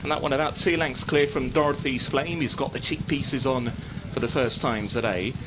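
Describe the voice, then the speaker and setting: A man's voice: mid-range voice, moderate pace, background noise. Man calling a horse race. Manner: steady running call of the field. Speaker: horse racing commentator. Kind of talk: live race commentary.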